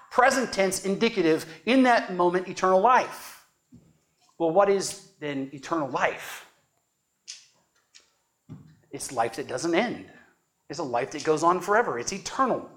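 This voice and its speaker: A man's voice: sits high, a bit bright. A man preaching a teaching sermon, earnest and emphatic, stressing key words and checking in with "right?".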